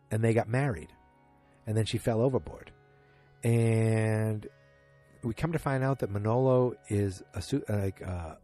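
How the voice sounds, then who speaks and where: A man's voice: mid-range voice, warm tone. A man hosting a podcast who recaps a show episode in a casual, rambling way, correcting himself and loosely acting out what characters said. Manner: rambling, self-correcting, acts out quotes loosely. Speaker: podcast host.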